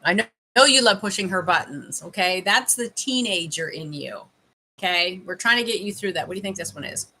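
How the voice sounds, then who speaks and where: A woman's voice: lowish voice, fairly quick, sharp tone, husky, poor audio. A middle-aged woman from Canada doing a casual livestream as a life coach, chatting with viewers while tasting candies and giving advice.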